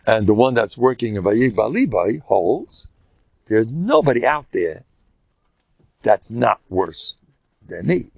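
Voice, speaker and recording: Gravelly older rabbi, animated Torah lecturer. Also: male voice, lowish voice, slow pace, long pauses, dry recording. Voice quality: gravelly, husky. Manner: animated, acts out quoted speakers, jumps between stories. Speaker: rabbi teaching a Torah class.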